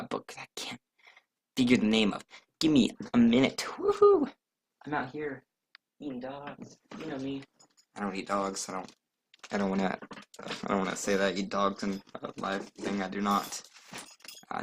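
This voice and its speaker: A man's voice: fairly low pitch, a bit bright, a little hiss or hum. A young man hosting his own casual solo podcast, rambling and joking at his own expense. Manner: rambling, jokey, self-deprecating; loose, chatty, trails off with many fillers. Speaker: podcast host.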